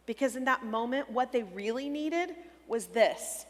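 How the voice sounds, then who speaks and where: A middle-aged woman with a somewhat high voice teaches a church breakout session on a stage mic. She explains step by step, softening when she speaks as if comforting a child. Her voice rings with a long reverb in a large hall. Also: measured pace. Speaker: conference speaker.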